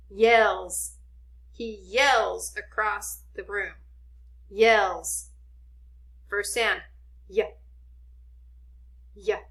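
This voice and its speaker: Slow, bright-voiced woman teaching phonics. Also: medium pitch. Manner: sounds out letters slowly, gently reassuring. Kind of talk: slow phonics spelling lesson for children.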